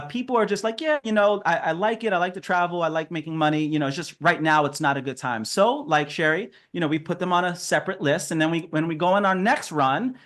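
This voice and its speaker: A man with a notably high voice runs a relaxed training session over a video call. He talks in a chatty, upbeat way and laughs often as he walks through his advice. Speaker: sales trainer. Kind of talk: casual training talk.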